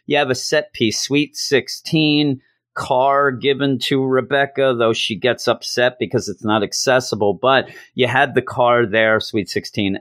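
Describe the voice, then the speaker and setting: A man's voice: medium pitch, fairly bright tone, no room sound, clean studio sound. A man giving a casual spoken comic book review, blunt and exasperated, with casual swearing.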